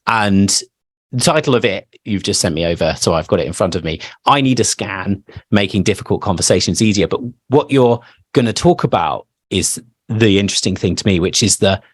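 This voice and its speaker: A man hosting a podcast, asking questions in a relaxed, hesitant way with fillers. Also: fairly low pitch, fairly quick, breathy edge, dry recording. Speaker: podcast host. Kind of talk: casual podcast interview.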